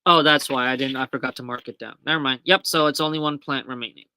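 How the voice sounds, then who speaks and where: The woman here has a bass voice delivered fast and steady, with a sharp tone and no echo. Hosting a live stream from a small shop, she gives a relaxed product walkthrough, chatty and full of ums as she keeps correcting herself.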